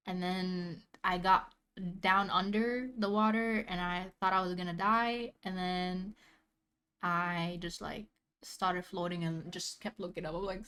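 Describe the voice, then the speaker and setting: A woman's voice: mid-range voice, a bit bright. Slangy, laughing young woman streamer. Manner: laughs often, slangy and rambling. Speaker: vtuber reacting to a video. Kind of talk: casual reaction chat.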